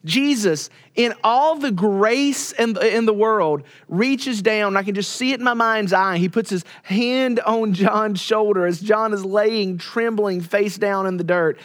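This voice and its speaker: A man preaching with a high, bright voice as a pastor. He lets key phrases fall to a near hush, then climbs and pushes hard when he drives a point home. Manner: dramatic pauses, drops to a hush for quoted words. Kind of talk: sermon.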